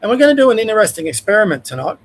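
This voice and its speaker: A man's voice: high-pitched, sing-song, racing, low-quality recording. An older Australian man hosting a livestream, giving blunt, conversational opinions in a casual rant. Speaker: livestream host.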